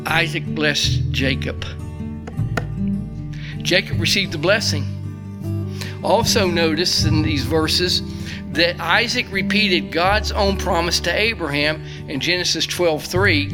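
A man, a pastor giving a folksy radio Bible study sermon. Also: fairly high pitch. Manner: folksy, chatty asides and laughter.

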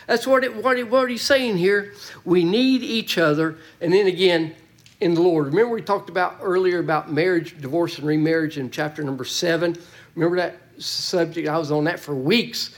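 A man teaching a Bible study as pastor, folksy and animated, with joking asides to his congregation. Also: high voice, normal speed. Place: church.

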